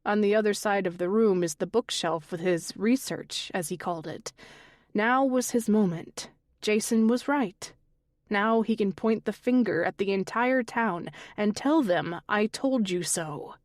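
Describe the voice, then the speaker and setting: A woman reads a first-person thriller audiobook at an unhurried pace, her voice sitting in a middle register. She is recorded on a close studio mic in a dry, dead space with no echo. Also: medium pitch, a little mellow. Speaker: audiobook narrator.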